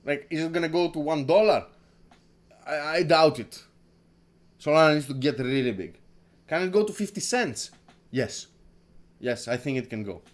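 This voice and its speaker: A man's voice: on the high side, expressive, moderate pace, pauses often. A man hosting a casual crypto livestream who rambles, repeats his words, swears and laughs a lot, from Greece. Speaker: crypto stream host.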